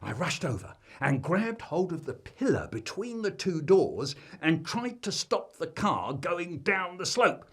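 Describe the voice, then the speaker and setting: Male storyteller. Husky, lively pitch, deadpan comic delivery. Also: measured pace, hardly any pauses. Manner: dramatic swings between deadpan and loud.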